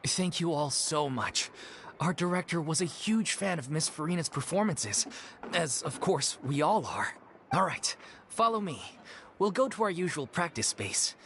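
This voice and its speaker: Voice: medium pitch, animated, unhurried, a bit bright, a little hiss or hum. A voice actor playing a weary, resigned member of a struggling theater troupe in a video game. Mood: polite.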